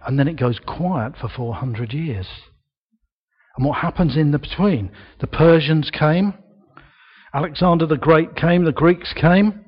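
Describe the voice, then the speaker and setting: Older male preacher, slow and emphatic sermon delivery, husky tone. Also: fairly high pitch, dull audio. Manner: slow, emphatic delivery with dramatic pauses and raised projection. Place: church.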